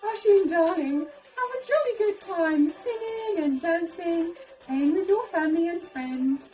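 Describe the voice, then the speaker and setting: A woman's voice: very high voice, unhurried, dark tone, soft background music, poor audio. A woman hosting a children's puppet show, speaking in a gushing, affectionate, sing-song way to a child.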